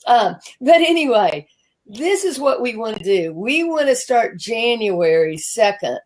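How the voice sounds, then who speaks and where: A woman's voice: fairly high pitch, sing-song, a little slow, low-quality recording. A woman in her sixties with a Southern American accent, hosting a live-streamed talk show in a chatty, self-deprecating way with frequent restarts. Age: 60s. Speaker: host.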